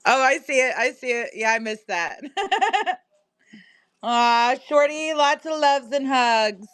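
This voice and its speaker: A woman's voice: a little high, slow pace, fairly bright tone, clean tone, no room sound. A woman hosting a casual live-stream sale from home. She is chatty, laughs a lot, and talks to both her viewers and her pet. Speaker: live-stream seller and host.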